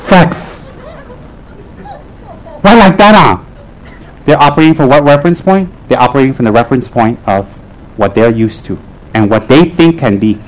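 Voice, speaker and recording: A man's voice: mid-range voice, fast talker, a little mellow, a faint crowd, low-quality recording. Wry man giving a teasing dharma talk. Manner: wry, teasing, with rhetorical questions. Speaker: Buddhist teacher.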